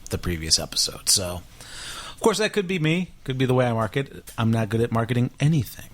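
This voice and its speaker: A male podcast host with a lively voice whose pitch swings up and down as he jokes. He laughs often and pokes fun at himself in a loose, casual chat. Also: a little fast. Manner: jokey, laughs often, self-deprecating.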